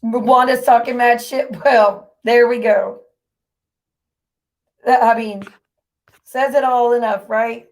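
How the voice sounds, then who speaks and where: A woman's voice: on the high side, fairly even intonation, slow, pauses often. A woman hosting a livestream, ranting in a heated, profane and confrontational way at people in her chat. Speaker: livestream host. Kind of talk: angry livestream rant.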